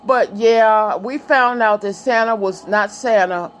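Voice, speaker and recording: A woman's voice: mid-range voice, slow, a little hiss or hum. A middle-aged woman vlogging in a casual, chatty way, telling stories, laughing often and talking to her viewers and a child. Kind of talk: casual chat, reminiscing.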